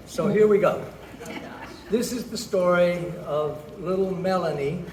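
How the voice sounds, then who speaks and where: High-voiced man telling a comic story. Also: measured pace, background noise. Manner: playful, narrating with put-on voices. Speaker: guest speaker. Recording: echoey hall from far off.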